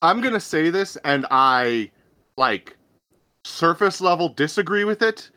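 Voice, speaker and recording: A man in casual chat about films, animated and stumbling over quick restarts. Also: fairly high pitch, smooth. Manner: animated, stammers through restarts.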